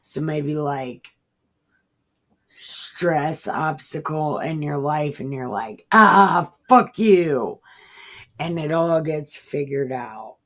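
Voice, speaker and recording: Low, slow-talking woman reading scripture. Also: steady tone, darkish tone. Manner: rambling, irreverent, swears freely. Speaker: online Bible reader. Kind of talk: casual scripture reading with commentary.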